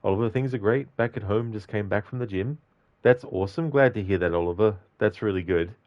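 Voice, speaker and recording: A man's voice: on the low side, a little fast, lo-fi sound. A man chatting casually on a game live stream, reading out and answering viewers by name.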